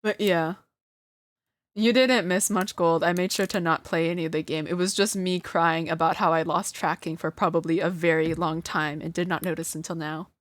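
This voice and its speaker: A woman's voice: on the low side, steady tone, normal speed, no room sound. A woman streamer chatting casually to her live chat, flustered and self-deprecating, often breaking into laughter. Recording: dry close sound.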